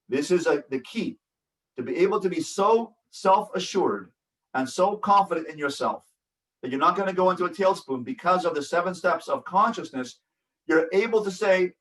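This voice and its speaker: A man's voice: a little high, lively intonation, normal speed, a bit bright, reverberant, distant mic, poor audio. A man, a rabbi, teaching a parenting class over a video call, reading from a workbook and acting out sample phrases with feeling. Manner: earnest and instructive, acts out sample phrases with feeling. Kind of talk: online lecture reading from a workbook.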